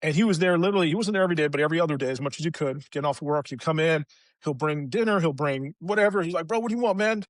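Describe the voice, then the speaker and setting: Brief: middle-aged male veteran guest, raw and candid, swears freely, voice a bit high, dry close sound. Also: racing, no echo. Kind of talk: candid personal storytelling.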